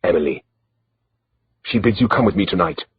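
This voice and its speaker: A man's voice: low voice, expressive, moderate pace, lo-fi sound, a little hiss or hum. A man reading the lines of a wry, guarded male guide who speaks with a broken accent, dry and matter-of-fact.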